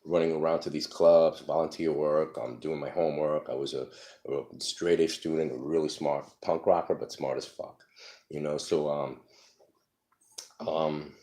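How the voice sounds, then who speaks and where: A man's voice: very deep voice, fairly even intonation, normal speed, dark tone. A man telling his life story casually, profane and rambling, full of fillers, acting out the people in his stories.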